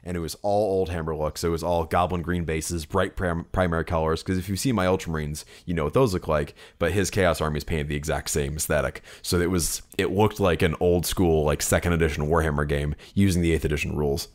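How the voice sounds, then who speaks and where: A man's voice: low voice, steady tone, quick pace, few pauses. A man co-hosting a podcast, telling a long rambling story in casual chat with lots of fillers and restarts. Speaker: podcast co-host.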